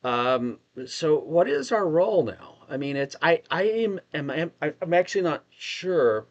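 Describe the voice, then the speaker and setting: A man's voice: a little high, animated, a little slow. Texan guy cohosting a politics chat, restarts a lot, kinda muffled audio. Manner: thinks aloud, restarts sentences, asks questions. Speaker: podcast co-host. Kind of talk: casual political discussion.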